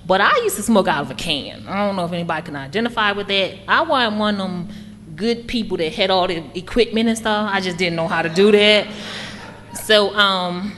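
A woman's voice: fairly low pitch, fairly bright tone, a little hiss or hum. Candid woman with reverb. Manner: candid, conversational, emotional storytelling. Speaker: speaker sharing recovery story. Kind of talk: personal testimony.

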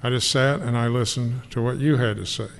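A man's voice: mid-range voice, steady tone, brisk, creaky. An older man giving an earnest, emotional personal testimony about his recovery to an audience. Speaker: speaker sharing recovery story. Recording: long hall reverb, faint noise.

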